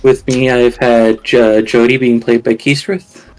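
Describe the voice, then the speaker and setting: A man serving as game master and storyteller, pausing often and searching for words. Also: medium pitch, flat delivery, darkish tone. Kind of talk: narrating a tabletop game.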